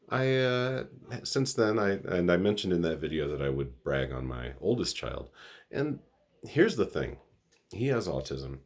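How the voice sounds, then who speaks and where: A middle-aged man hosting his own vlog, talking earnestly and rambling with restarts, a little sniffly. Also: extremely low pitch. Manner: earnest, rambling, self-correcting. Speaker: vlog host. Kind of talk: casual monologue to camera.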